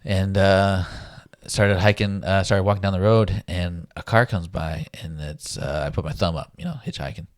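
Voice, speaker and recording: A man with a very low voice tells a story in a relaxed, easygoing way. He laughs often and acts out what people said to him. The sound is close and dry. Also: normal speed, dry recording. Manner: laid-back, laughs often, acts out quotes. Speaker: guest telling a survival story. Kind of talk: casual storytelling.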